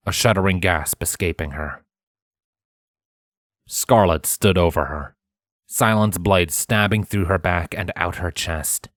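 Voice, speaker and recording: Deep, slow-reading male narrator. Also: no room sound, clean studio sound. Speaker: fanfiction reader. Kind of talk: dramatic audiobook narration.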